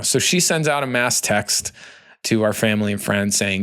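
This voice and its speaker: An American man in his thirties hosts a candid solo podcast, talking loosely and conversationally with lots of "like" and "you know." His voice sits on the low side, with a moderate pace and a fairly bright, clear, resonant tone.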